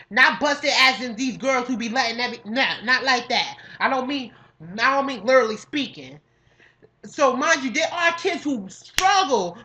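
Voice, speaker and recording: A woman's voice: high voice, bright, forceful tone. A young woman from New York State, cohosting a podcast, rants in a casual monologue, profane and emphatic, repeating herself and using slang. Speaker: podcast co-host.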